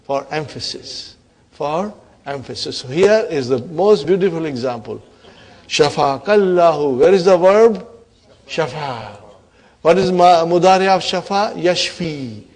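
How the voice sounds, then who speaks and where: A man's voice: a little high, expressive, measured pace, darkish tone. A man teaching an Arabic grammar class, encouraging his students and asking them questions. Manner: encouraging, asks the class questions, repeats words for emphasis. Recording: classroom lecture recording.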